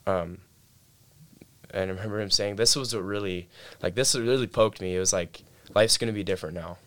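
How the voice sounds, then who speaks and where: A man's voice: on the low side, brisk, a bit bright. A young man in casual conversation, telling a personal story in a laid-back way and often saying "like" and "dude". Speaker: guest telling his story. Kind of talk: casual chat.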